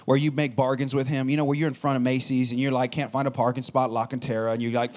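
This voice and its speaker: A man giving a sermon, telling a personal story in a casual, animated way that drops low at the quiet moments. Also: fast, few pauses. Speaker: pastor.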